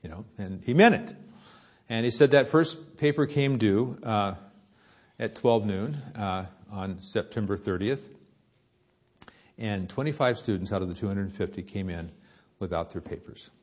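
A man preaching a sermon, telling a story with lively rises and hushed drops. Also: lowish voice, measured pace.

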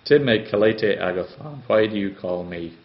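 A man teaching a grammar lesson as a language tutor, slow and methodical, with frequent pauses and hesitations. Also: lowish voice, animated. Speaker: Greek tutor. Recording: slightly dull, lo-fi sound.

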